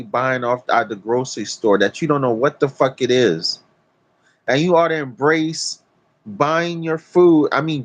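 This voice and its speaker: Preachy swearing guy ranting into his phone outside, kinda high voice. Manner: profane, preachy, emphatic. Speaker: vlogger. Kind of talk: blunt talk-to-camera rant. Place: outdoors in nature.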